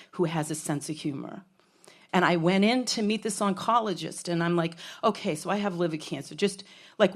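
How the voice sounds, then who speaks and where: A middle-aged woman telling a frank, comic personal story on stage, swearing freely. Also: fairly low pitch. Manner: frank, profane, comic, with laughs from a crowd.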